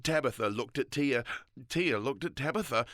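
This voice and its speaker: A storyteller narrating a children's story in a playful, animated way. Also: mid-range voice, moderate pace, no echo.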